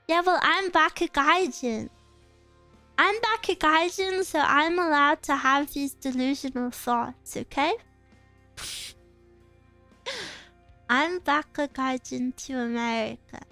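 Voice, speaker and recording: A woman's voice: sits high, takes it slowly, long pauses, soft background music. A young woman from England chatting casually as a streamer, rambling and giggling as she tells stories. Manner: giggly, rambling, animated storytelling. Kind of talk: casual chat reading viewer comments.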